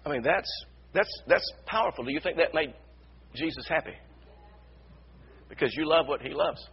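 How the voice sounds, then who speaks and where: A man preaching a sermon as pastor, repeating his phrases and building to loud emphasis. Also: fairly high pitch, lively intonation, normal speed, husky, dull audio. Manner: repetitive, builds to shouted emphasis. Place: church sanctuary.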